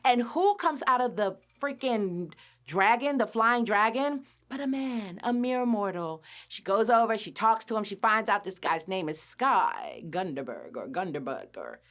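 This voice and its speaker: Female podcast host, mid-pitched and animated, chatty recap with acted-out lines. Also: measured pace. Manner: animated storyteller, acts out characters' lines, laughs often. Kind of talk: casual show recap.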